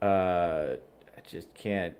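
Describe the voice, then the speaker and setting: Low-voiced rambling man chatting to his stream. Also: fairly even intonation, extremely slow, darkish tone, clean tone. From United States. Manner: rambling, profane, wry. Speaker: podcast host reading chat. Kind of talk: casual livestream chat.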